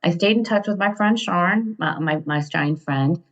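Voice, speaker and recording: Fifties American woman, interview guest; low, husky-fried timbre; lively rambling anecdotes; lo-fi recording. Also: normal speed. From Ohio, USA. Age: 50s. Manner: animated, digressive storyteller who laughs often. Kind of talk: casual storytelling interview. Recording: dull lo-fi sound.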